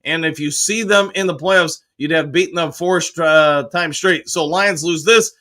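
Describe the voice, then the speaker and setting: A man's voice: a little high, normal speed, sharp tone. A man hosting a casual live stream, greeting chatters by name and reading their comments aloud. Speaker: host reading viewer comments.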